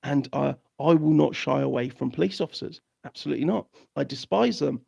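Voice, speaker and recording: A man hosting a news commentary, ranting angrily with profanity, repetition and halting restarts. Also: on the high side, creaky, warm tone, breathy edge, highs cut off. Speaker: host.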